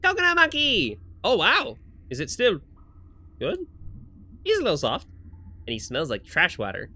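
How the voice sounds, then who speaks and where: A man voicing a bold, cheerful young woman cat, with squeaky, excitable outbursts. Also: moderate pace, full character voice. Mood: proud. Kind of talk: reading game dialogue aloud.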